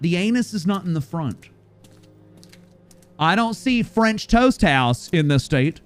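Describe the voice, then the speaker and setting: A man streaming a game live, with a lively, bouncing pitch as he rambles playfully. He swings between loud outbursts and quiet mumbles. Faint music plays behind him. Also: a little slow.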